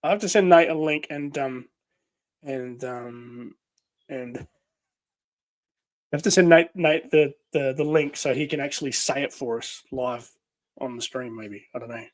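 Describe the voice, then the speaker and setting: A man's voice: mid-range voice, a little slow, pauses often, dry recording. A man with an Australian accent co-hosting a casual livestream, reading out viewer comments, with many fillers and frequent laughs. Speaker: livestream co-host.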